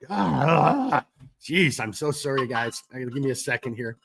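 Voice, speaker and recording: A man's voice: mid-range voice, very animated, takes it slowly, vocal fry, a bit bright, husky. A man with a cold hosting a live stream, reading viewer comments in a rambling, casual way with frequent fillers and some cursing. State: fighting a cold. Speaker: gear company owner hosting a live stream.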